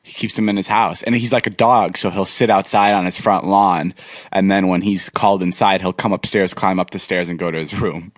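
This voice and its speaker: A man's voice: sits low, brisk, no echo. A young man telling a long story on a podcast in a casual, rambling way, full of fillers and restarts. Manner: rambling, filler-heavy, animated retelling. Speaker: podcast co-host.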